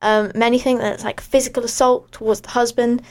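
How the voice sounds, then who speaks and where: A woman's voice: fairly high pitch, level tone, a little fast, a little mellow. A teenage girl from Australia co-hosting a casual breakfast radio show, playful and self-mocking with frequent giggles.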